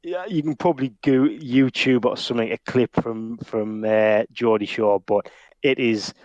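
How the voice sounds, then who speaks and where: A man's voice: medium pitch, fairly even intonation, normal speed, a little mellow, dry recording, lo-fi sound. A man with a northern English accent chatting casually on a podcast, hesitant with frequent restarts and laughs. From northern England. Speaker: podcast co-host. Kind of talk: casual chat.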